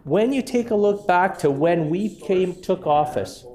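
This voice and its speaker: Sarcastic Canadian minister in committee debate. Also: male voice, high voice, animated, measured pace, a little mellow. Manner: combative, sarcastic, repeats "Mister Chair". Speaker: education minister answering in committee. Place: legislative committee room. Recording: legislative room feed with faint noise.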